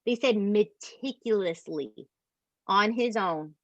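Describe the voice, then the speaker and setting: A woman's voice: mid-range voice, takes it slowly, dry recording. A woman hosting a podcast, telling a true-crime story in casual, emphatic chat with co-hosts. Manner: animated, profane, emphatic asides to co-hosts. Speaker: podcast host. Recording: dull dry podcast mic.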